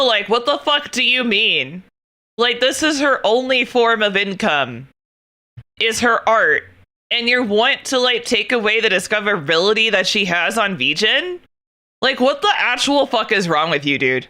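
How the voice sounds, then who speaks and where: A young adult woman streaming and chatting casually, excitable and laughing often, swearing freely as she talks. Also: mid-range voice, normal speed. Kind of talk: casual chat while gaming.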